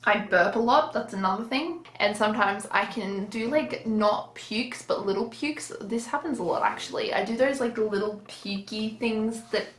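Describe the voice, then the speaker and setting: A woman's voice: mid-range voice, moderate pace, few pauses, fairly bright tone, roomy sound, rough recording. Breathless, tired woman vlogging. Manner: chatty, apologetic, frank. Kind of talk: casual talk to camera.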